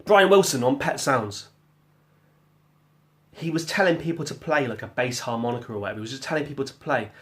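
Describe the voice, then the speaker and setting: A man's voice: medium pitch, brisk, long pauses, fairly bright tone. A man talking casually about making music at home, rambling and chatty, with jokey asides and bits of scat-singing. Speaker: musician vlogger. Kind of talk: casual spoken vlog. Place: home kitchen.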